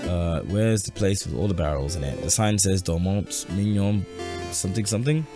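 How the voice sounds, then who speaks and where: Guy reading a game out loud on stream, playful, lowish voice, game music playing. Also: moderate pace. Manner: playful, stumbles over words. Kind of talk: reading a story game aloud.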